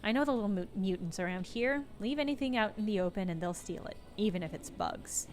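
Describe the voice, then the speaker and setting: A woman's voice: medium pitch, animated, brisk, a little hiss or hum, natural voice. A woman voicing a blunt, weary middle-aged local man who speaks in a plain, tired way.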